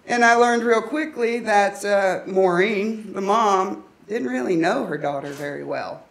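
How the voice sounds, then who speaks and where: A woman's voice: medium pitch, measured pace, vocal fry. Woman telling a story on stage. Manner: humorous, anecdotal, lively storytelling. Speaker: conference presenter. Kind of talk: storytelling presentation. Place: conference room.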